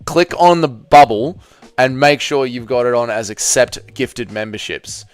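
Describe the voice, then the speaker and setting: A man's voice: medium pitch, measured pace, smooth, no echo. A man hosting a casual live stream, reading chat aloud, laughing and swearing often.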